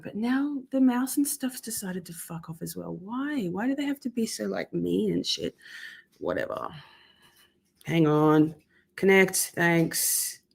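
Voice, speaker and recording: Lively, chatty woman live-streaming. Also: mid-range voice. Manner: chatty, swears a lot, flustered by gear. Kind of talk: casual live-stream chat.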